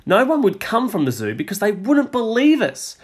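A man's voice: sits high, huge pitch swings, normal speed, husky, voice pushed up, full character voice. A man reading a storybook aloud, voicing an eager, bossy young girl who insists on following the rules. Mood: insistent.

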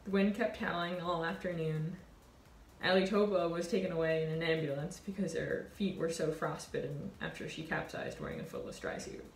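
A woman in her twenties, a college sailor, telling a reflective personal story in an earnest, warm way. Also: on the low side, steady tone, a little fast, roomy sound. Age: 20s. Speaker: college sailor and award winner.

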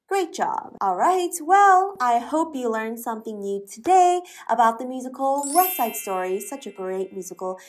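A woman teaching an English lesson, speaking slowly and clearly and spelling words out letter by letter. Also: a little high.

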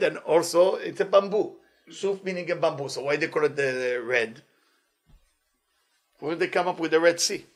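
Man, high voice, Kabbalah teacher, animated lecture, quizzes the class. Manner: animated, questions the audience, broken English grammar.

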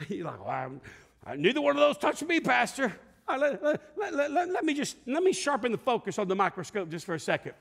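A man's voice: very high-pitched, fairly quick, vocal fry, husky. A middle-aged male pastor preaching a sermon to a congregation in a church, telling stories with acted-out voices and asking the room to respond. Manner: lively storytelling preacher, acts out voices and shouts. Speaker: lead pastor. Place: church sanctuary before a congregation.

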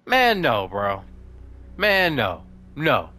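A young man giving live, excitable commentary over a video game, swinging between frustration and amazement. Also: medium pitch, very slow, no echo. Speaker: gaming commentator.

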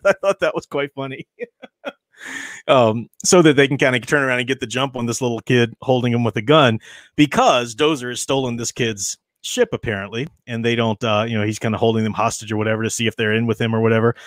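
A man's voice: medium pitch, dry recording. A man hosting a casual book study who reads passages aloud and chats about them, laughing often. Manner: chatty, laughs often, restarts and fillers.

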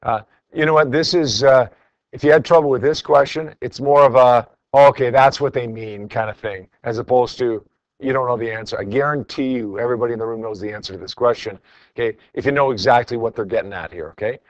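A male teacher reviews homework with his class, chatty and easygoing, calling on students one by one. His voice sits at an ordinary pitch. The recording is dry, with no room echo, and sounds dull and muffled. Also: fast talker. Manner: conversational, calls on students by name.

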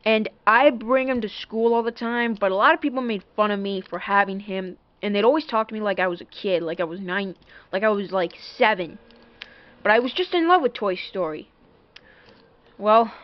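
A woman's voice: mid-range voice, moderate pace, no room sound, highs cut off. A woman rambling through a casual show-and-tell vlog about a toy, full of fillers and apologies. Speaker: toy collector showing a doll.

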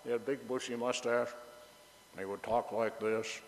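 A male pastor delivers a relaxed, conversational sermon in a mid-range voice. He jokes and banters with his congregation, and the words ring out with a long reverb through the hall. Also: medium pitch, normal speed, vocal fry, a little hiss or hum. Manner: chatty and joking, banters with the congregation.

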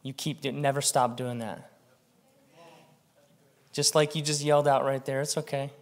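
A male pastor preaching a sermon in a church before a congregation, talking casually and slowing down to read scripture. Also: mid-range voice, level tone. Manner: conversational preaching, slows down for scripture reading.

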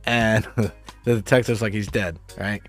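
A man's voice: on the low side, fairly even intonation, unhurried, fairly bright tone, faint music behind. A man casually recapping a TV episode, rambling and swearing, with lots of fillers and restarts. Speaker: show recap host.

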